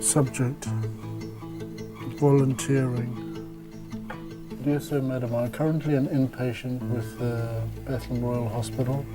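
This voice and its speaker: A man who is a hospital inpatient, talking in a hesitant, reflective way and dictating an email aloud with restarts. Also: medium pitch. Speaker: hospital inpatient looking for volunteer work. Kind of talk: casual talk and dictation.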